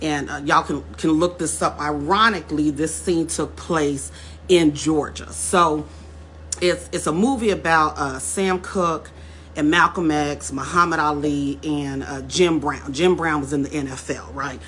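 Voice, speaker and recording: A vlogger with a deep, fairly bright voice speaks a little slowly, with a slight hiss or hum in the background. Telling a story straight to camera, she calls her viewers y'all, repeats words as she goes, and builds to emphatic points.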